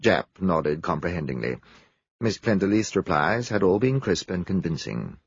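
A male audiobook narrator with a low, gravelly voice and a husky texture, reading in a steady, animated storytelling manner. The recording is dry and slightly muffled. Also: moderate pace, no room sound. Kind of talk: scripted narration.

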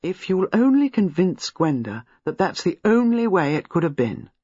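A reader doing a skeptical young husband. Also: male voice, high-pitched, sing-song, normal speed, mellow, husky, dry recording, muffled recording, heavily acted. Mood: reasoning. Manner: lucid, skeptical.

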